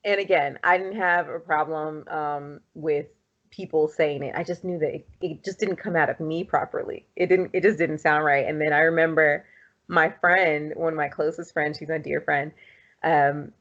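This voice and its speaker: A woman's voice: low voice, highs cut off. A woman in her thirties co-hosting a podcast, telling a personal story in casual chat, laughing often and acting out what people said. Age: 30s. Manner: animated storytelling, laughs often, acts out quotes. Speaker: podcast co-host.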